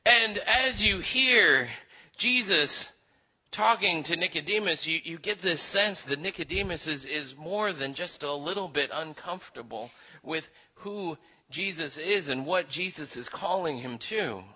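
Brief: male preacher, sermon with storytelling, repeats words, very bright tone. Lo-fi. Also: fairly high pitch, measured pace, breathy edge. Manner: animated storytelling with voiced quotes, frequent restarts.

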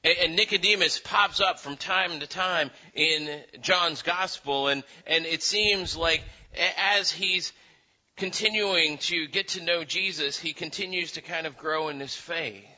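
A man's voice: on the high side, a little slow. A man preaching a sermon and telling stories with voiced quotes. He often stumbles and repeats his words, on a dull lo-fi recording. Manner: animated storytelling with voiced quotes, frequent restarts.

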